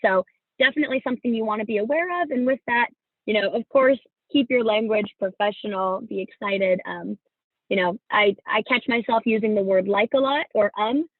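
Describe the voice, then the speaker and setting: A California woman with a fairly high, slightly fast voice presents at a career fair, giving upbeat, instructive advice in a virtual workshop. Her speech is full of fillers, and the video-call audio is dry and tinny with no echo.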